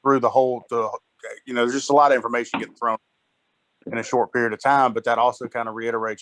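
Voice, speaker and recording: Man, sales agent, rambling speech, dry close sound, mid-pitched. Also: flat delivery, fast, fairly bright tone, dry recording, poor audio. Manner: rambling, many fillers. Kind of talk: team call, casual chat.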